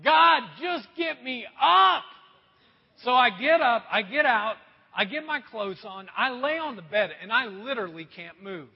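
A middle-aged male pastor with a high, slightly husky voice tells a self-deprecating story from the pulpit. His sermon rings with a long hall reverb, and the recording sounds dull and muffled. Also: expressive, moderate pace.

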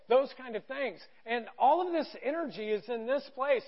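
A man in his thirties preaching a sermon, telling a story with animated quoted voices. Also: very high-pitched, a little fast, vocal fry, few pauses. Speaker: pastor. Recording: dull lo-fi sound.

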